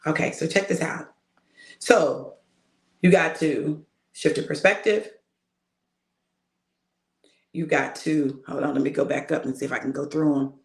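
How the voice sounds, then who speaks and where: A woman's voice: low-pitched, gravelly, roomy sound. A woman minister delivering a casual, emphatic spoken sermon, talking straight to her listeners. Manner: emphatic and conversational, addressing listeners directly. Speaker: prophetic minister.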